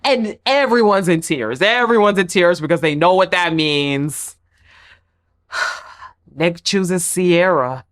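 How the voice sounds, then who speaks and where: A woman's voice: on the low side, takes it slowly. A woman giving a casual, opinionated reality-show recap in a chatty, playfully dramatic way. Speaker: TV recap vlogger.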